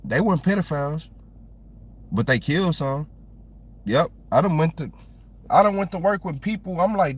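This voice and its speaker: A man's voice: a little high, animated, normal speed. A young man with a Southern American accent, chatting casually and rambling on a livestream with lots of slang.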